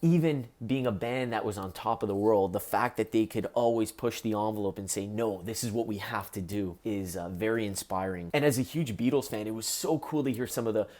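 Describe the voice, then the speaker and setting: A musician talking to camera in an earnest, heartfelt way about something that moved him. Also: male voice, on the low side, fairly quick, few pauses, a little mellow. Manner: earnest, heartfelt, gets choked up. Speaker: musician reviewing a documentary. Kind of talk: casual talk to camera.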